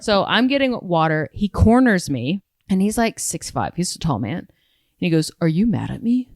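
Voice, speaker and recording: Low-ish woman comedian, super animated storytelling, swears a lot, dead dry sound. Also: normal speed, dry recording. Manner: animated, acts out quotes, swears freely. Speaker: guest comedian. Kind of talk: casual podcast storytelling.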